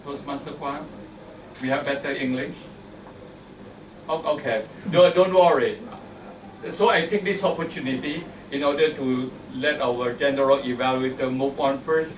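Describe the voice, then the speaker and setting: A man's voice: mid-range voice, moderate pace. A man with a Thai accent giving an instructive, jokey club speech, acting out pronunciation examples. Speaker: Toastmasters meeting evaluator. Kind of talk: club speech with humorous anecdotes. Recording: echoey room from far off, faint noise.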